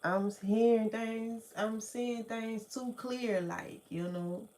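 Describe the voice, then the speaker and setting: A woman with a New Orleans accent telling her own story in casual, slangy talk, laughing often and jumping into excited quotes of herself. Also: on the high side, slow pace. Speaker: spiritual vlogger.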